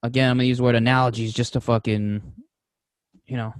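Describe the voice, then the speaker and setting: Young male podcast co-host, casual and profane storyteller, mid pitch, dry close mic. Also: flat delivery, fast talker, smooth, no room sound. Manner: loose, swearing, storytelling with laughs. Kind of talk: casual chat.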